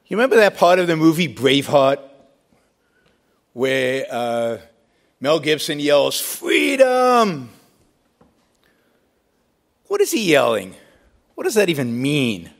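A man's voice: medium pitch, expressive, measured pace, pauses often. A man giving a debate speech in an emphatic style, building points with rhetorical questions and repeated phrases.

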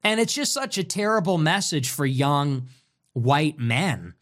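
A man's voice: on the high side, big pitch swings, measured pace, fairly bright tone. A man commentating in a solo monologue, emphatic and repetitive in short punchy sentences.

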